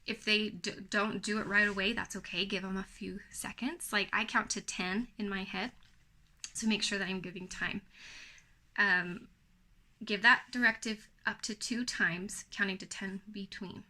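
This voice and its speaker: Bright-voiced woman coaching parents. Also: mid-range voice, moderate pace. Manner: firm, even, encouraging instruction. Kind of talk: talking-head teaching video.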